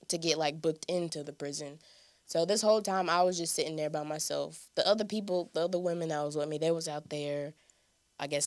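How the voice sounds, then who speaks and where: A young woman with a lowish voice tells a personal story on a podcast, animated and chatty, often calling out to her listeners. She is close to the mic, and the sound is dry, with no room echo. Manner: animated, conversational, addresses listeners as "y'all". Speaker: podcast host. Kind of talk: casual testimony storytelling.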